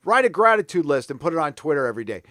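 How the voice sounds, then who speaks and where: Angry middle-aged guy ranting on his live stream, cussing constantly, kinda high voice, dry close mic. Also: big pitch swings, rapid-fire, fairly bright tone, dry recording. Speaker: live show host.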